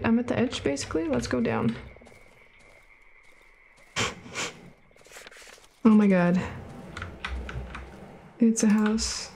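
A woman giving let's play commentary on a game, reacting out loud, swearing and laughing often, and yelping when startled. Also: high voice, a little hiss or hum. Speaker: gaming video creator.

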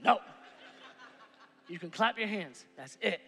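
High, gravelly-voiced male pastor. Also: normal speed. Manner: animated, swinging between shouts and hushed asides. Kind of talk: sermon. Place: church stage. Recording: reverberant church hall.

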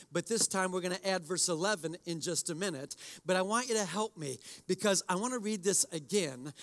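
A man's voice: high-pitched, a bit bright. A man preaching a sermon as pastor in a church service, exhorting in a conversational way and addressing the congregation directly.

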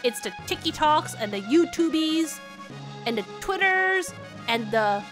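A woman's voice: high-pitched, lively intonation, takes it slowly, music in the background. A woman voicing a stern, lecturing older king scolding his daughter. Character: stern gruff older male king, father.

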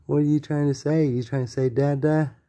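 A father in gentle, coaxing, sing-song baby talk with his infant. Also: a little high, fairly even intonation, a little fast.

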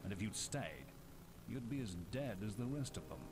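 A man's voice: mid-range voice, moderate pace, close to an everyday voice. An actor playing a stern, grave middle-aged male hero mentor in a video game cutscene. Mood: solemn. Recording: game cutscene audio with music.

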